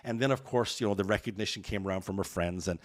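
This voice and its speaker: A man telling stories as a guest in a podcast interview, energetic and rambling. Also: sits low, quick pace. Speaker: guest realtor.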